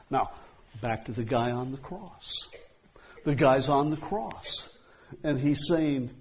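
A man's voice: medium pitch, slow, breathy edge. A man preaching a sermon in a conversational way, often repeating himself and saying "you know.".

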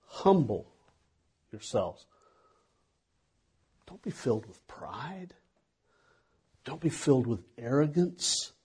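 Male preacher, slow conversational sermon, dark mellow tone. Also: mid-range voice, very animated, breathy edge. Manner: conversational preaching with rhetorical questions. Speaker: pastor.

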